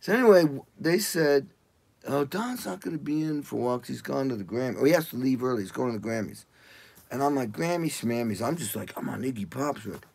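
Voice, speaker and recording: An older man, a drummer, telling animated stories in a casual interview and acting out what people said. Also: quick pace, creaky, husky, no echo. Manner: animated, acts out quotes in loud high voices.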